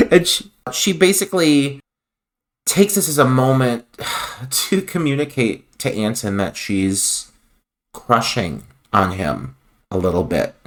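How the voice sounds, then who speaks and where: A man co-hosting a film podcast who recaps scenes analytically and laughs often. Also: medium pitch. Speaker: podcast co-host. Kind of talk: casual film review chat.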